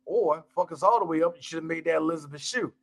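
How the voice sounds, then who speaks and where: A man co-hosting a podcast, chatting casually about a movie in animated, joking banter and repeating phrases for emphasis. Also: on the high side, fast talker. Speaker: podcast co-host.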